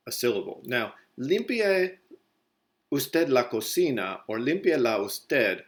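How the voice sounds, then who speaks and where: A male Spanish teacher walks through a recorded grammar lesson step by step, correcting himself as he goes. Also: mid-range voice. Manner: explains step by step, corrects himself mid-sentence.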